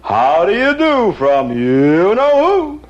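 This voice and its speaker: A man voicing a jolly, boastful cartoon bear who tells folksy stories in a slow drawl with chuckles, in an old archive recording. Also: high-pitched, huge pitch swings, muffled recording, heavily acted. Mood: cheerful.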